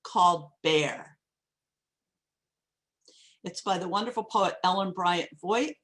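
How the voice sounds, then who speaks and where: Woman, poetry teacher, craft talk, measured, deliberate, video call mic. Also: lowish voice, fairly bright tone. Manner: measured, deliberate, reads lines aloud slowly. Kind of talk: craft talk, close reading of poems. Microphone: video call microphone.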